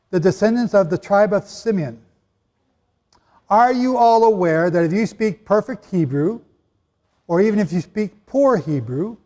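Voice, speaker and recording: A man's voice: high-pitched, mellow. A man preaching a sermon-style teaching to a live audience, talking emphatically and conversationally and quizzing his listeners. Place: large hall with an audience. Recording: long hall reverb.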